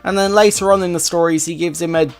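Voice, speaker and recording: A man's voice: high voice, fairly even intonation, quick pace, clear, resonant tone, soft background music. A man hosting a scripted commentary video, chatty and enthusiastic. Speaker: video host.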